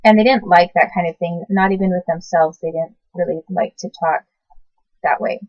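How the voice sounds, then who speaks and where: Woman, 40s, lowish voice, halting, self-correcting, casual recollection, dry, dull lo-fi. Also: steady tone, dry recording. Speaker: recalling past babysitting work. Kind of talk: casual personal recollection to camera. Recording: dull lo-fi sound.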